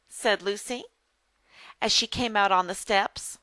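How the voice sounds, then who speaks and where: A woman teaching a phonics lesson as a reading tutor, speaking slowly and carefully and repeating words for pronunciation. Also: mid-range voice, bright, forceful tone, no echo.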